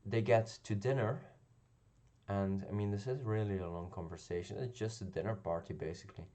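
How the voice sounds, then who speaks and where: A man's voice: on the low side, brisk, mellow. A man giving a casual spoken review of a television episode, talking hesitantly with many ums and restarts. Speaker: video reviewer.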